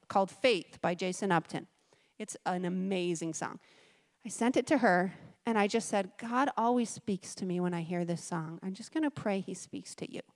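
A woman preaching a sermon in a church, telling stories in an emphatic, off-the-cuff way. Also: medium pitch. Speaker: guest preacher.

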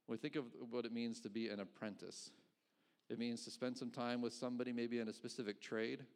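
A man's voice: mid-range voice, fairly even intonation, fairly quick, a little mellow. A middle-aged man, a pastor, preaching a conversational sermon, asking rhetorical questions and chuckling between points.

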